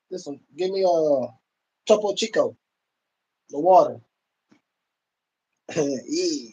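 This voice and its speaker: A man with a medium-pitched, dark voice and a breathy edge chats loosely on his home livestream. Laid-back, he keeps calling out to the people watching. The audio is poor.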